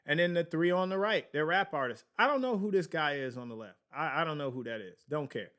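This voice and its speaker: A man's voice: fairly high pitch, lively intonation, pushed and bright. A man hosting a casual finance podcast, rambling and digressing, with many fillers and laughs at himself. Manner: slow, drawn-out delivery with many fillers. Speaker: podcast host. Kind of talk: casual finance talk on a livestream.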